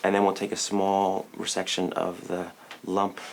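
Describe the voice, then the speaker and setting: Male surgeon, low gravelly voice, halting and matter-of-fact, hospital with faint noise. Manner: halting, repeats words, calm and matter-of-fact. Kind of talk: explaining surgery to a family.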